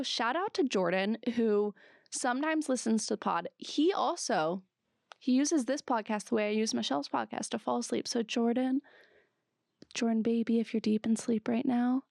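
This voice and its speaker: A young woman with a Southern California Valley accent, hosting a solo podcast recap in chatty, animated talk, swearing freely and jumping between asides. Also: fairly high pitch, creaky, dry recording, clean studio sound. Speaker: podcast host.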